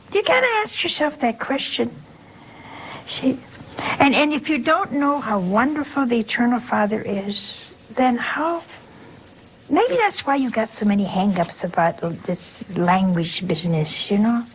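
A woman's voice: on the high side, lively intonation, unhurried, a little hiss or hum, low-quality recording. An older woman, a nun leading her sisters, giving a conversational religious talk and often asking her listeners rhetorical questions. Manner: chatty, keeps checking in with rhetorical questions.

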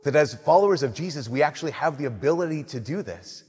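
A young adult man giving a sermon, telling animated stories and swinging between loud emphasis and soft, slow lines. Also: a little high, husky. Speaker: Catholic priest. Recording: long reverb of a church.

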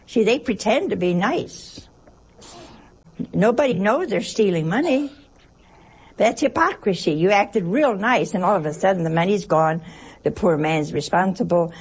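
A woman's voice: on the low side, darkish tone, husky. A woman, a nun, giving a conversational sermon in a folksy, humorous way, full of rhetorical questions. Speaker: nun preaching.

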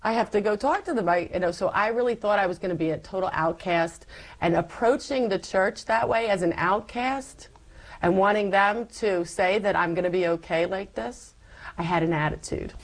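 A woman as an interview guest, giving a personal faith testimony as a lively storyteller who acts out her past self. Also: medium pitch, normal speed, rough recording.

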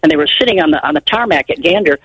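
A woman's voice: sits low, expressive, racing, a bit bright, breathy edge, no room sound, low-quality recording. An older woman phoning in to a radio show, telling a long rambling story in a chatty way. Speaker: caller. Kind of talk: call-in radio chat.

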